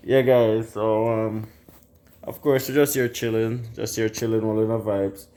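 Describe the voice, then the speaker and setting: A man's voice: lowish voice, flat delivery, a little slow, warm tone, slight background noise. Laid-back Jamaican man vlogging. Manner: laid-back, laughs often, repeats "big up" and "guys". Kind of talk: casual vlog chat. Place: home kitchen.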